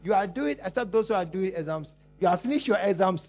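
A man preaching a lively sermon as a pastor, teasing and exclaiming at his congregation while acting out a scene. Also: high-pitched, quick pace, soft background music. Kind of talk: lively sermon with acted-out demonstration. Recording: dull lo-fi recording.

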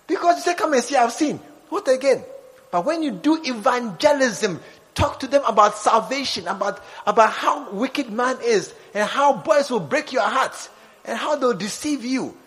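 A man preaching a lively sermon, acting out little scenes and joking with his congregation. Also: very high voice, normal speed, big-room sound, rough recording. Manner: animated, acts out scenes, jokes with the congregation.

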